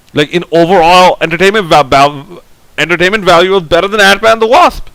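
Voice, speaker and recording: A man's voice: high-pitched, quick pace, fairly bright tone, clean tone, no echo, poor audio. A man giving a casual, opinionated movie review, rambling and full of fillers. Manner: rambling, heavy on fillers like "like, you know"; blunt, opinionated. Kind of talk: casual film review monologue.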